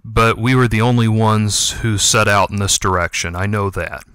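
A man reading an audiobook, voicing a young male cat who speaks forcefully and defiantly to hide his nerves. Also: fairly low pitch, normal speed, clean tone, no room sound, clean studio sound, natural voice. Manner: forceful, defiant, a touch stammering. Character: young male cat, brave but nervous elder brother. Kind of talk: audiobook character voice.

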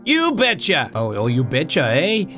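A man's voice: a little high, very animated, fast talker, a bit bright, faint music behind. A man voicing a cheerful, folksy female building caretaker who talks in a homey, chatty way. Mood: cheery.

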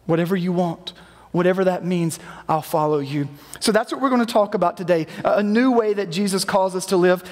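A man with a fairly high voice preaches to his congregation in an easy, conversational manner. He now and then acts out quoted lines. His voice carries a long reverb from the church hall around him. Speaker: pastor. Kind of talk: sermon. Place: church sanctuary.

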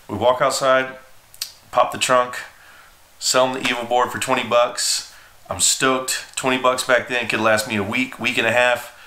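A man's voice: medium pitch, sharp tone. A man in his forties, a skateboard team manager, telling a story in a rambling, profane, self-deprecating way. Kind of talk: casual storytelling. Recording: roomy echo.

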